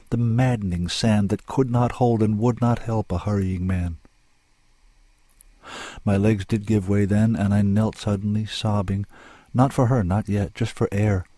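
A man with a low, grounded voice narrates a dramatic story. His reading is intense and lyrical, with a sombre weight behind it. The recording is dry and close. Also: fairly even intonation, measured pace, mellow, no room sound.

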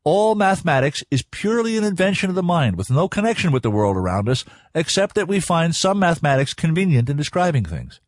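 A man's voice: a little high, big pitch swings, a little fast, hardly any pauses, dry recording, studio quality, pitched above the performer's own voice. A man doing a brash, confident teenage boy.

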